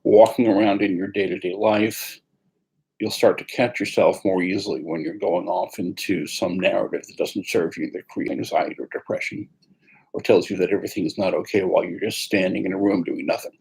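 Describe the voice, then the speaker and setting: A man teaching mindfulness meditation in a calm, unhurried way, pausing often as he guides the practice. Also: low voice, creaky, slightly rough, poor audio.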